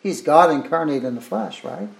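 A man's voice: on the high side, moderate pace, creaky, reverberant. A man preaching a sermon with fervor, repeating phrases and exclaiming "oh my" as he goes.

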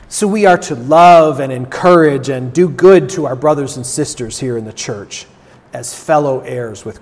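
A man preaching a sermon as pastor and closing in prayer, with measured, emphatic delivery built on lists and repetition. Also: a little high, in a large hall.

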